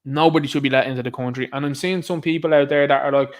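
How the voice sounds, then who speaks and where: An Irish man with a fairly high-pitched voice talks straight to camera in a solo commentary. His delivery is sarcastic and scoffing, full of rhetorical jabs. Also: quick pace. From Ireland. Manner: sarcastic, scoffing, mocks others in put-on voices. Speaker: online commentator.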